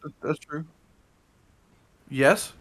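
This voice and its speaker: A man's voice: a little high, extremely slow, a bit bright, breathy edge. A man co-hosting a gaming video with dry wordplay, often stammering into restarts. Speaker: gaming channel co-host. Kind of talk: deadpan gameplay banter.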